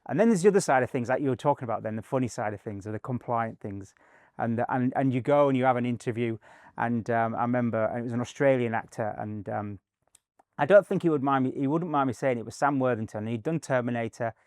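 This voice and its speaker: Brief: middle-aged man, chatty and rambling, mid-pitched, dry close sound, interview guest. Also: fast talker, dry recording. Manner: rambling, many fillers and restarts, animated anecdotes. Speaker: guest, performance coach. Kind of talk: casual interview storytelling.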